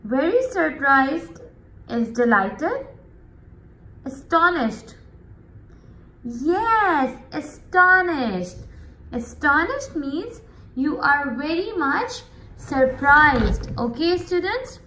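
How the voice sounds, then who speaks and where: A woman teacher with a high voice explains a vocabulary lesson at a very slow, drawn-out pace. She often stops to check in with her students. The recording has an echoey room sound. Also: big pitch swings, a bit bright.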